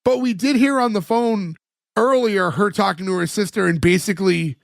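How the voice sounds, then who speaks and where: A man co-hosting a podcast, retelling sitcom scenes in casual chat, full of "like" fillers and quick laughs. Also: sits high, vocal fry, dry recording, clean studio sound. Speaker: podcast co-host.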